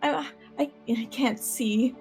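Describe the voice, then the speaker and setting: Woman doing a squeaky-high pretend-blind lady, Italian-tinged accent, flustered and halting. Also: darkish tone, faint music behind. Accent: Italian-tinged put-on accent. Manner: fluttery, halting, overly grateful.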